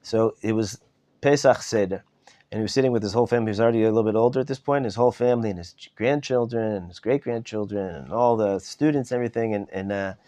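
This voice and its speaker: A man, a rabbi, telling a story while teaching a class, animated and full of restarts. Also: lowish voice, fast. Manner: animated storyteller, many restarts and repeated words. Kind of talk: storytelling lesson. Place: study hall.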